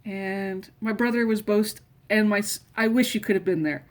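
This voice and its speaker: Mom telling family stories, rambly, keeps restarting sentences. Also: female voice, mid-range voice, steady tone, moderate pace. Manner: rambling, restarts often, chuckles while telling. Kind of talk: casual personal storytelling.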